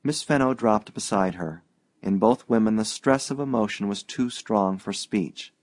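A man narrating an audiobook in a steady, even-paced reading. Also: fairly low pitch, moderate pace, dry recording.

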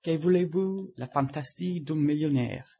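A man's voice: mid-range voice, a little fast, creaky, a little mellow, breathy edge. A man reading the part of a witty society painter who teases his friend, in a breezy, amused way. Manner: breezy, teasing.

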